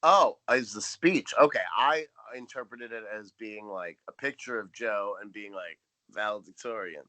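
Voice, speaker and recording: A man's voice: on the low side, moderate pace, few pauses, sharp tone. A man co-hosting a podcast in casual chat, making dry, joking asides. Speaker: podcast co-host.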